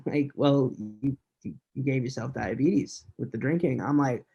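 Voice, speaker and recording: A man's voice: medium pitch, measured pace, vocal fry, mellow, husky, dull audio. A man in his thirties, a podcast guest telling a personal story candidly, often laughing as he talks.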